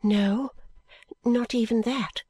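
A woman voicing a shy, tender young woman in love, speaking softly and bashfully, sometimes in a whisper. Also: on the high side, fairly even intonation, slow, no room sound. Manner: soft and bashful, often whispery.

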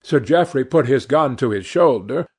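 A man reading a classic novel aloud as narrator, with a measured, deliberate delivery. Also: medium pitch, lively intonation, husky. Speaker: audiobook narrator. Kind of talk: scripted literary narration.

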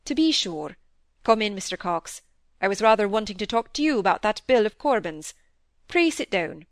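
A woman's voice: mid-range voice, sing-song, normal speed, dry recording. Stern wry country doctor, middle-aged man, lecturing, dry reading, woman doing the voice.

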